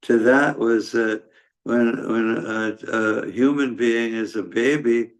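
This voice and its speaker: A man giving a scripture class in a halting, conversational way, with many fillers and restarts. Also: mid-range voice, steady tone. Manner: conversational storytelling. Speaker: class speaker.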